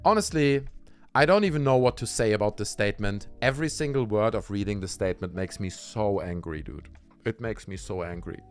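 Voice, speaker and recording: Man, streamer rant, sarcastic and profane, pitch swinging widely, faint music underneath. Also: animated, brisk. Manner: sarcastic, profane, frequently dropping into low mutters. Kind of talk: angry livestream rant.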